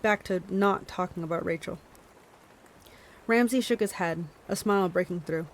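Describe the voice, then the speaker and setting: A woman's voice: fairly low pitch, normal speed, slight background noise, poor audio. A woman hosting a book club stream, reading a novel aloud with small stumbles and self-corrections, and chatting to her viewers between passages.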